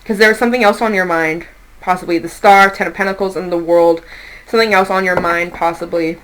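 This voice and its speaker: A woman's voice: on the low side, fairly even intonation, a little fast, a bit bright, a little hiss or hum, low-quality recording. A woman giving a casual tarot reading, chatty and reassuring, laughing now and then and swearing lightly. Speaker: tarot reader.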